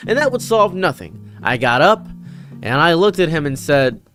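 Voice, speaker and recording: A man's voice: a little high, big pitch swings, moderate pace, a bit bright. A man telling personal stories in an earnest, preachy monologue about kindness. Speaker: streamer and commentary creator. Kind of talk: reflective storytelling monologue. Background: faint guitar music.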